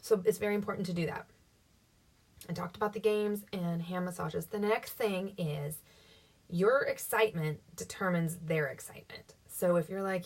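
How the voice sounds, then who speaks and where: A woman's voice: lowish voice, moderate pace. A woman coaching her sales team in a casual, upbeat teaching talk, often acting out what to say to customers. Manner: chatty, upbeat, acts out sample dialogue. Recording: voice somewhat distant from the mic.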